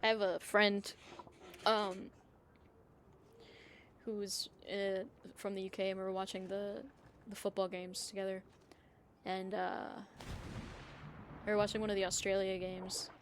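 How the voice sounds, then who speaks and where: A woman's voice: medium pitch, little pitch movement, a little slow, pauses often, a little hiss or hum. A young woman streaming live, chatting casually with viewers in a rambling way, full of fillers and frequent laughter. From United States.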